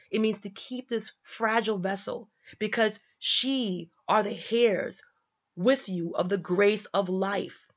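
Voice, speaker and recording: A young woman giving casual religious commentary, emphatic and slangy, repeating lines for effect. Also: medium pitch. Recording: slightly dull lo-fi audio.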